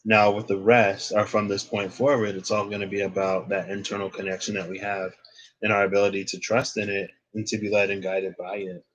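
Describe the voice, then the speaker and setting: A man's voice: on the low side, flat delivery, fairly quick, a bit bright. A young man giving a casual, rambling tarot reading, thinking aloud and restarting his phrases often. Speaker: tarot reader.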